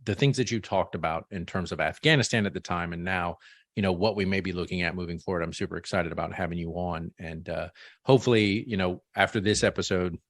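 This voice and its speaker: A man's voice: deep voice, fast, no echo, clean studio sound. A man hosting a podcast, joking and bantering casually with his co-hosts and guest. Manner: joking, playfully crude. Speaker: podcast host.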